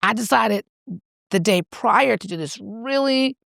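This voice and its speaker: Animated woman telling a story. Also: fairly high pitch, a little slow, vocal fry, no room sound, clean studio sound. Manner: animated storyteller, acts out voices and cries. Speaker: podcast co-host. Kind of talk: casual chat, storytelling.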